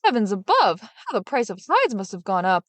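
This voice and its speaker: A greedy, hot-tempered peasant man from a storybook, voiced by a woman reader, bawling loudly. Dry close sound. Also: medium pitch, wildly swooping pitch, fairly quick, dry recording. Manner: loud bawling.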